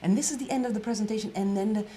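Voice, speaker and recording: A woman presentation coach giving an energetic storytelling workshop lecture, repeating phrases and dropping to an emphatic whisper on key points. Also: mid-range voice, rapid-fire, slight background noise.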